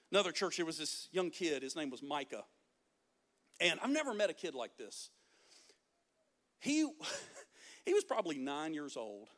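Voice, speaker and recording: A man's voice: a little high, fairly bright tone. A man preaching a fervent, emphatic sermon to a congregation. He often drops in "man" and "listen" as he presses his points. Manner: peppers talk with "man" and "listen". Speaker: pastor. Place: church service before a congregation.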